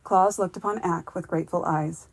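A woman reading a storybook audiobook aloud as a podcast host, in a calm, measured, gentle manner. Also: on the low side, no echo.

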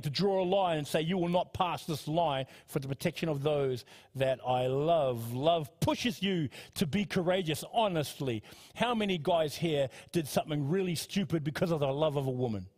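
A pastor in his fifties delivers a sermon in an earnest, conversational way, repeating phrases and turning to the congregation with asides. His voice sits a little higher than most men's. The sound rings out with a long reverb, as in a large church hall. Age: 50s.

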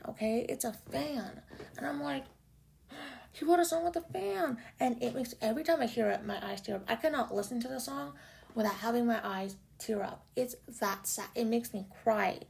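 Give me a chatty young woman gushing as a fan, slightly high, with vocal fry. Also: darkish tone. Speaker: music vlogger. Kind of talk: casual chat.

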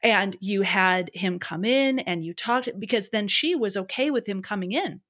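A woman hosting a casual conversation, speaking warmly and affirmingly, growing animated when she makes a point. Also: medium pitch, moderate pace. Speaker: host.

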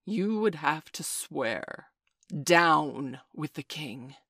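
A woman reading aloud, putting on a menacing pirate captain who roars slow, loud commands. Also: low-pitched, lively intonation, breathy edge, dry recording, studio quality, full character voice. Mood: roaring menace. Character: menacing pirate captain man, roaring and gloating.

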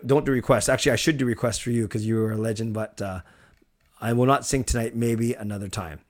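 A man hosts a live stream in a loose, rambling way, chatting straight to his viewers and thanking them. His voice sits at an ordinary middle pitch. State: recovered from a cold. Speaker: livestream host. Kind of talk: casual live-stream chat.

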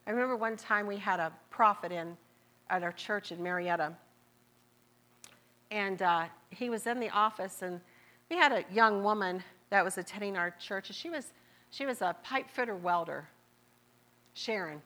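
A woman's voice: mid-range voice, moderate pace, long pauses, bright, forceful tone. A woman with a Southern accent preaching a sermon, repeating phrases and stretching out key words for emphasis.

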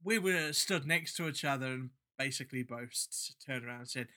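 A man's voice: mid-range voice, a little fast, few pauses, pushed and bright. A man hosting a podcast in casual chat, blunt, sweary and enthusiastic. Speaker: podcast host.

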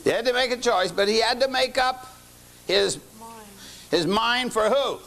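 A man's voice: extremely high pitch, measured pace, vocal fry, a bit bright. An older man teaching a lecture-style sermon, folksy, often quizzing his listeners with questions. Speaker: lay teacher.

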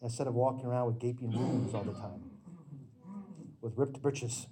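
A middle-aged man preaching a sermon with slides, in an earnest, emphatic storytelling manner that breaks into sudden loud bursts. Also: mid-range voice, normal speed.

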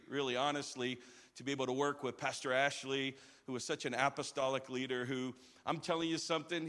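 Male pastor, somewhat high and forceful voice, energetic live sermon with call-outs, long sanctuary echo. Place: large church auditorium.

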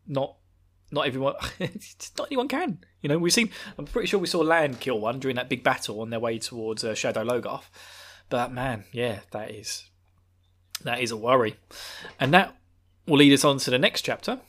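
A man's voice: medium pitch, moderate pace, fairly bright tone. A man hosting a fantasy book podcast, chatting casually with frequent laughs and restarts. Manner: rambling, laughing, self-interrupting. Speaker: podcast host. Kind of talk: casual chat.

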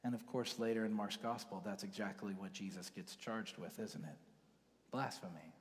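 A man with a lowish voice delivers a sermon in an easy, conversational way, sinking into soft whispers to drive a point home. His voice rings out with a long reverb, as in a big church hall. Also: moderate pace. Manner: conversational preaching, dropping to hushed whispers for emphasis. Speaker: pastor.

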